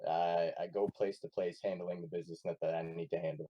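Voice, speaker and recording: Male player, very low voice, stumbling, scheming in-character talk. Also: flat delivery, quick pace, warm tone, husky, dry recording, low-quality recording. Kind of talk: casual tabletop role-play.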